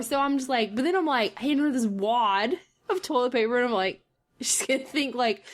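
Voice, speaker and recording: A woman with a slightly high voice tells a story on a home podcast. Her throat is scratchy and she coughs now and then. She talks in an animated, exasperated way. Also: moderate pace. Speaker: podcast co-host. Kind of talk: casual storytelling.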